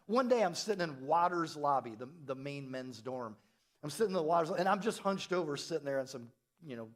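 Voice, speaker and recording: Animated high-voiced man preaching. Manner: animated, acts out dialogue with big pitch jumps. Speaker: pastor. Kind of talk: storytelling sermon. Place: church.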